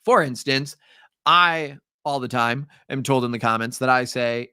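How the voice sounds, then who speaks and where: A man's voice: medium pitch, a little slow, bright, forceful tone, clear, resonant tone, dry recording, clean studio sound. A man with a Midwestern accent, a teacher giving a chatty, upbeat live-streamed exam review with frequent ums. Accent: Midwestern American.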